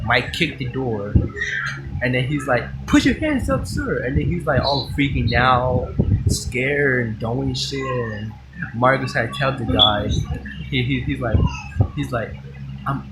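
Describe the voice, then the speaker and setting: A man's voice: mid-range voice, very noisy. Rambling man retelling a movie. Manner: rambling, excited retelling with many restarts and swearing. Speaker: movie reviewer. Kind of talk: casual spoken movie review.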